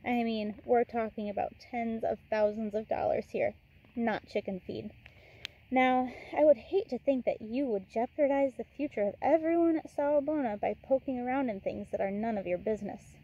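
A smooth-talking male game warden from a storybook, full of insincere breezy patter that hardens into quiet threats, voiced by a woman reading aloud. The voice stays mellow and sits a little high. It barely shifts from the reader's own voice. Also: moderate pace, highs cut off. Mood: menacing. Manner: breezy, overfamiliar, turning menacing.

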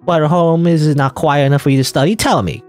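A man's voice: a little high, steady tone, quick pace, a little mellow, soft background music, voice pushed up, natural voice. A man voicing a hysterical, abusive middle-aged mother who scolds shrilly and begs through tears in a game. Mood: scolding.

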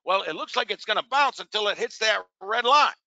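A man with a high, sharply bright voice runs a live trading demo. His pitch swings widely as he throws rhetorical questions at his listeners and calls them "gang". The sound is dry and close but dull, like lo-fi webinar audio. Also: animated, brisk, gravelly, no room sound. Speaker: trading educator.

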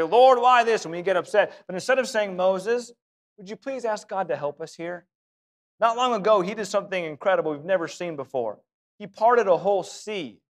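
A man preaching a sermon in a church, emphatic and given to repeating phrases for effect. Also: high-pitched. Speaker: pastor.

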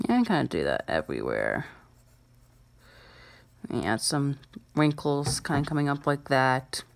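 A woman's voice: extremely low pitch, big pitch swings, measured pace, gravelly. A woman hosting a drawing channel, giving a casual, chatty and self-deprecating drawing tutorial.

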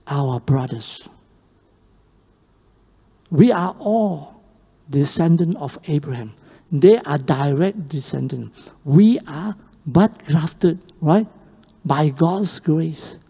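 A pastor preaching a sermon, telling the story with animated swings between loud and hushed. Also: medium pitch, slightly rough. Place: church sanctuary. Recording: long reverb of a church hall on a live stream.

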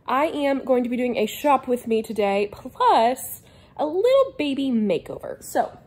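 Young female vlogger, casual and scattered, airy, breathy voice, talking to camera from home. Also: high voice, big pitch swings, unhurried, a little mellow. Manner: chatty, scattered and rambling. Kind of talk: casual vlog chat. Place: home living room couch.

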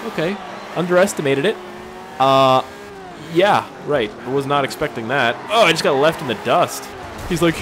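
A man's voice: medium pitch, animated, brisk, noisy background. A man giving crude, rambling, joking commentary while playing a racing game. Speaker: gameplay commentator. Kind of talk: casual gameplay commentary. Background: game music and car engines.

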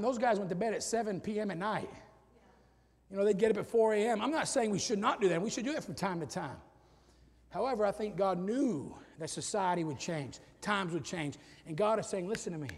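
High-voiced preaching man, shouting then hushed. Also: slightly rough. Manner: swings between loud shouted peaks and low quiet asides. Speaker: pastor. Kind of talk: sermon. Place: church sanctuary with long reverb. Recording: reverberant church hall.

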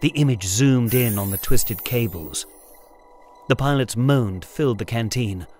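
A male narrator reads a science fiction audiobook at a measured storyteller's pace. His voice sits in a middle register, with a faint hiss of noise behind it. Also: mid-range voice. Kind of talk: scripted narration.

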